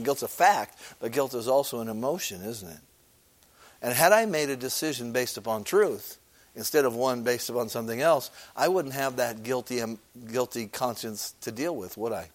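A man pastor preaching an evening sermon in a conversational way, asking rhetorical questions and reading scripture aloud, clearing his throat now and then. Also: medium pitch. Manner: conversational preaching, frequent rhetorical "okay?" and "amen?"; reads scripture aloud in old-fashioned wording.

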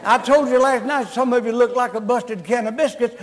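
A man's voice: extremely high pitch, normal speed, hardly any pauses, some chatter behind. A man preaching a revival sermon, blunt and scolding, joking with the congregation. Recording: long reverb of a large hall.

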